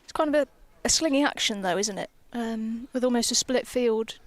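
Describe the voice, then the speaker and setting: A woman's voice: fairly high pitch, normal speed. A woman cricketer doing guest commentary on a live match from an outdoor gazebo, playful and teasing, on a headset mic. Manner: playful, teasing, giggly banter. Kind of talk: live sports commentary, casual chat. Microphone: headphones with mic.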